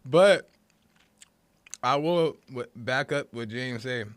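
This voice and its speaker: A man as a podcast guest in casual chat, relaxed and rambling with many fillers. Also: mid-range voice, slow, no echo.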